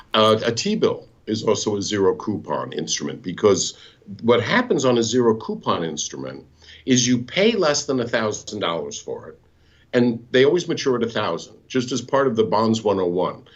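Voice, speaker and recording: A guest bond market expert walks listeners through charts on a live show, patient and teacherly, explaining step by step. His lowish, slightly husky voice moves up and down a lot. The call audio is dull and lo-fi.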